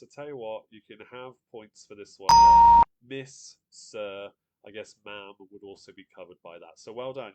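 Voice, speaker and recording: A man hosting a live online quiz, chatty, reading out viewer guesses and laughing often. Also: lowish voice. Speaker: quiz host.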